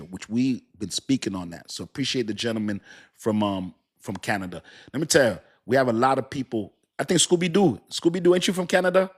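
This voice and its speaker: A man hosting a casual livestream, rambling and laughing as he talks to his chat. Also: on the low side. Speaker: crypto livestream host.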